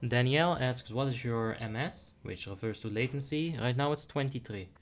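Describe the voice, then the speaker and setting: A man's voice: medium pitch, moderate pace. A young man giving casual commentary while playing a game, chatty and self-deprecating, muttering asides to himself. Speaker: streamer.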